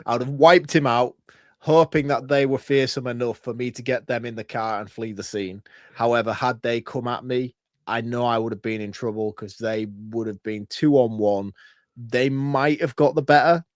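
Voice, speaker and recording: A middle-aged British man, co-hosting a podcast, chatting casually and thinking his points through out loud. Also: mid-range voice, steady tone, moderate pace, dry recording, clean studio sound. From Britain. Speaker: podcast co-host. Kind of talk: casual chat.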